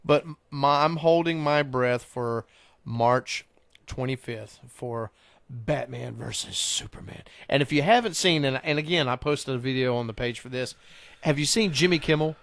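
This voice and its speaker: A man hosting a casual show, an animated storyteller who rambles. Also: mid-range voice, moderate pace, gravelly, dry recording. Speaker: podcast host. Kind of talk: casual chat.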